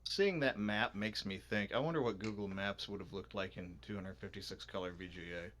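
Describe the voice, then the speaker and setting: A man's voice: lowish voice, brisk, a crowd in the background. A man chatting casually while playing a mystery game, joking and hesitant, full of asides. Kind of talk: casual let's-play chat.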